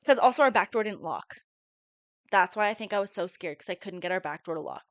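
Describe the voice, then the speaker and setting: A brisk, mid-range female voice with no room sound belongs to a podcast co-host in her twenties. Telling a story in a casual, animated way, she swears often and acts out the quotes.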